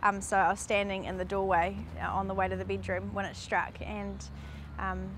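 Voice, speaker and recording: A woman, a reporter recounting events in an interview in a measured way. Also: medium pitch, flat delivery, fairly bright tone, slight background noise. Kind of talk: recalled interview testimony.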